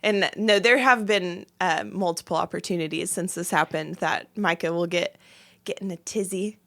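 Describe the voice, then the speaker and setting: A young adult woman co-hosts a casual podcast with a bright, forward tone. She tells stories animatedly, jumping into the voices of the people she quotes. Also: on the low side, moderate pace. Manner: animated storyteller, acts out quotes. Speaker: podcast co-host. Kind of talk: casual chat.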